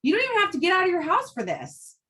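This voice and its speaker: A woman's voice: extremely high pitch, huge pitch swings, fast talker, bright, forceful tone. A middle-aged woman giving a fired-up, emphatic motivational talk to the women in her business, blunt and happy to swear. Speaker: team leader addressing women in her business.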